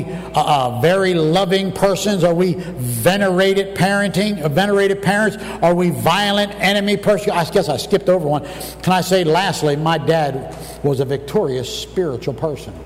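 A man preaching a fervent sermon, telling a story and breaking into shouts at its high points. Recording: distant mic, long hall reverb, faint room noise.

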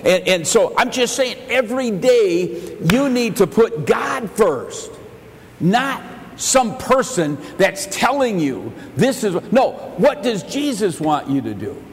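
A male pastor preaching a sermon. He stumbles over repeated words and swings between loud and soft. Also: high voice, sing-song, takes it slowly, big-room sound. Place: church sanctuary.

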